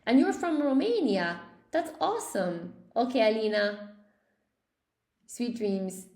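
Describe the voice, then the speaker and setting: A woman's voice: a little high, lively intonation, slow pace, a little mellow. An Irish woman teaching English in a casual livestream, chatting and reading out viewer comments. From Ireland. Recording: echoey room.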